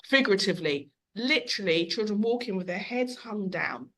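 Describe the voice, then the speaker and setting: A middle-aged woman who owns a bookshop, speaking as a podcast guest and telling long, animated stories. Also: medium pitch, brisk. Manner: animated, long-winded storyteller who acts out quotes. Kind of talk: conversational storytelling.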